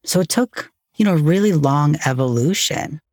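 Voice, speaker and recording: A man's voice: a little high, expressive, moderate pace, a little mellow, no echo, clean studio sound. A man speaking as a podcast guest in a candid, earnest, casual conversation, with occasional swearing. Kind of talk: reflective conversation.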